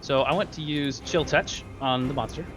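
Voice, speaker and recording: A man playing a tabletop game, upbeat and giggly, thinking out loud. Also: medium pitch, moderate pace, music in the background. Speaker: player.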